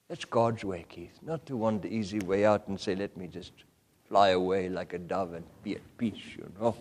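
A man preaching a sermon with passion, moving between loud cries and hushed whispers. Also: medium pitch, moderate pace, in a large hall.

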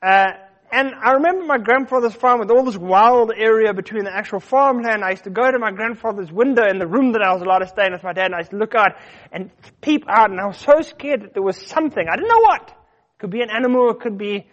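A middle-aged man from Africa, telling personal stories in a casual, animated way, often repeating words as he goes. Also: high voice, fast talker. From South Africa. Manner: animated, repeats words, acts out his quotes. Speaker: storyteller. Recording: dull muffled lo-fi recording.

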